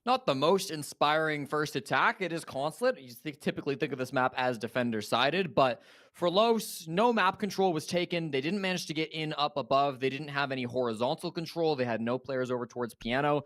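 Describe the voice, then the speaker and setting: Brief: male color commentator, slightly higher voice, talky analytical breakdowns. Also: animated, fairly quick, fairly bright tone.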